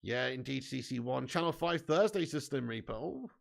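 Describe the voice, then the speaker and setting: A man hosting a live football watch-along, excitably commentating and reading out viewer comments with casual swearing. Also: medium pitch, normal speed, vocal fry.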